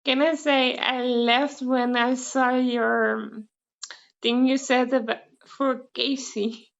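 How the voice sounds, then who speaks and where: A woman hosting a casual interview, relaxed and laughing along with short replies. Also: high-pitched, slow pace, gravelly, muffled recording. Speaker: interview host.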